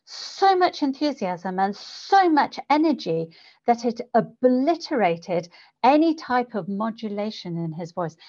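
A woman who coaches public speakers, talking in an interview and changing her pitch and volume to demonstrate delivery. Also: sing-song, a little slow, darkish tone. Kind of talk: conversational interview. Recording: dull lo-fi podcast audio.

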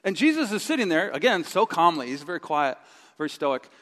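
Animated high-voiced pastor preaching. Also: male voice, fairly quick. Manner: animated, acts out his own inner voice with groans. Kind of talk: sermon with live demonstration. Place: church sanctuary. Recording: long reverb of a large hall.

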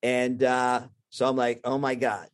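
A middle-aged man, a surgeon guest, telling an animated story with frequent restarts. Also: medium pitch, measured pace. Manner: lively anecdote-telling with many restarts and quoted voices.

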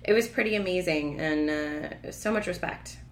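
Gushing, excitable woman co-host. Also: fairly low pitch, normal speed, a little hiss or hum. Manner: gushing, excitable, lots of emphasis. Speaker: podcast co-host. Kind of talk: casual podcast chat.

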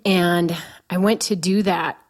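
A woman's voice: fairly low pitch, steady tone, slow pace. A woman in her forties telling a personal story to a host. She is candid and self-mocking and laughs along the way. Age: 40s. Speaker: guest.

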